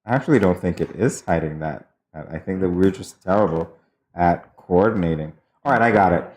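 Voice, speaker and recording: A man with a notably deep, low voice co-hosting a morning show. He keeps the banter loose and easygoing, laughing as he talks. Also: brisk, darkish tone. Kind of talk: casual studio banter.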